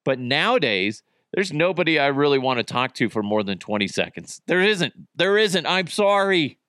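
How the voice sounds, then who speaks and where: A man hosting his own podcast, rambling and joking with sudden high-pitched bursts. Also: sing-song, moderate pace, a bit bright, clear, resonant tone, no room sound, clean studio sound. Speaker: podcast host. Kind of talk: casual solo podcast chat. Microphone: camera and studio mic.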